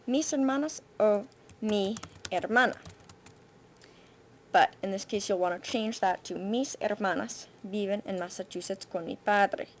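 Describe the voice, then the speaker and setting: Slow, patient woman teacher giving feedback. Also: medium pitch, slight background noise. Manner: patient, thinking aloud with frequent "uh". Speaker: Spanish teacher. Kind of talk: screencast feedback on a student essay. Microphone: computer mic for screen recording.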